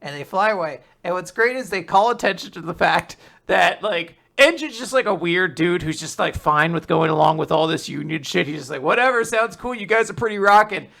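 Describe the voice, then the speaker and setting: A young man casually recapping a manga chapter, acting out the characters in quick voices and laughing often. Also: on the high side, gravelly, pushed and bright. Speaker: podcast host recapping manga. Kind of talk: casual chat.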